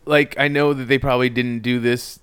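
A man's voice: mid-range voice, level tone, a little fast, a bit bright, clean tone. A man co-hosting a casual podcast chat, talking in long rambling sentences with restarts and frequent laughs. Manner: rambling, self-correcting, laughs often. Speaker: podcast co-host.

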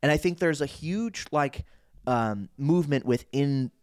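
A man's voice: on the high side, animated, unhurried, a little mellow, smooth, no room sound, studio quality. A man guesting on a podcast as a comedian and impressionist, talking in an earnest, opinionated way that wanders off on tangents. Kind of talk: casual podcast chat.

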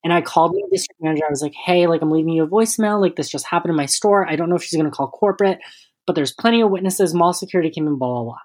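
A man's voice: a little high, rapid-fire. Young man telling a heated work story. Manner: animated, swears freely, acts out the people in his story. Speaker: podcast co-host. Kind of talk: casual storytelling chat.

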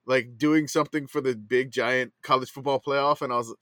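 A man's voice: mid-range voice, steady tone, normal speed, a bit bright, dry recording. Rambling, giggly podcast co-host man. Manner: rambling, filler-heavy, laughs often. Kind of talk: casual chat.

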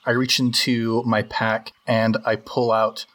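A man's voice: medium pitch, level tone, slow, a bit bright. Guy at a tabletop game, medium voice, jokey. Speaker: player. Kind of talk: casual chat.

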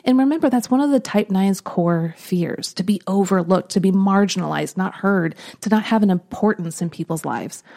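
A woman hosting a podcast, telling a personal story in an earnest, reflective way, often trailing off softly. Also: mid-range voice, normal speed, creaky, hardly any pauses. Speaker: podcast host.

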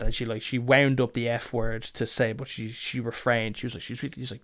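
A man's voice: medium pitch, a little fast, hardly any pauses. A young man telling comic stories from work in a sweary, rambling way. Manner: sweary, rambling, deadpan asides. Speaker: podcast host. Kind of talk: casual comic storytelling.

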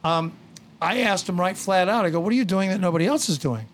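A man's voice: high voice, quick pace, slight background noise. A man hosting a casual radio garden show, telling rambling stories with blunt asides.

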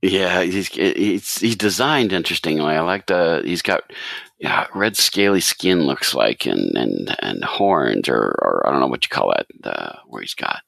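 A man with a very deep, gravelly voice hosts a casual podcast interview. His delivery swings up and down with lively energy, though he rambles and restarts often. The sound is dry and close. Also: unhurried, no echo. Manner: rambling, many restarts and fillers. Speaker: podcast host.

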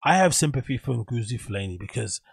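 A man rambles through opinionated takes on his solo podcast, swearing casually. His voice is gravelly and husky, sitting in a middle range. The room around him is dry. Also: medium pitch, lively intonation, quick pace, dry recording. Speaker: podcast host.

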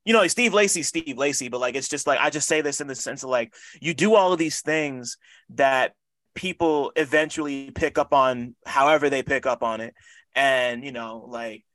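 Man, interviewer, rambling, lots of fillers, mid pitch, dry room. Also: moderate pace, a bit bright, no room sound. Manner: rambling, heavy filler words. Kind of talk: casual interview.

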